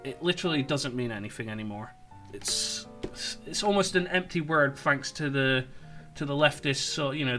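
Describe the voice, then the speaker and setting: A man's voice: fairly high pitch, expressive, a little fast, bright, forceful tone, faint music behind. A man ranting sarcastically in an online commentary video, with stumbling restarts. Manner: sarcastic, mocking, rambling. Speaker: political commentator.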